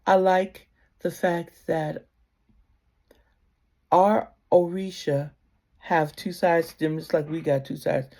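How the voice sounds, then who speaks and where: A woman giving casual spiritual advice to camera, heartfelt and conversational, sometimes sinking to a soft near-whisper. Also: lowish voice, fairly even intonation, slow pace, pauses often.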